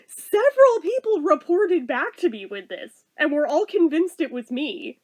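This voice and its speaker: Woman, thirties, high voice, casual vlogger who tells a rambling story with lots of swearing. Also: big pitch swings, normal speed, few pauses. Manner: chatty, exasperated, swears and laughs often.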